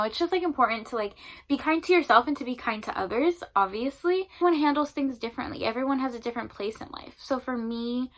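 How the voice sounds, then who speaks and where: Young woman vlogging about books, bright voice a bit high, rambly and chatty, lots of "like". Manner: rambling, filler-heavy, 'like' often; emotional, near tears at times. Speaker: book vlogger. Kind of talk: casual vlog chat.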